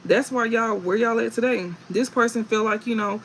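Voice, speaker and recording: Man, tarot reader on a live stream: high voice with a gravelly edge, blunt, cusses freely, laughs a lot. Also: normal speed, a bit bright, slight background noise, low-quality recording. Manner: blunt, profane, laughs often; emphatic repetition.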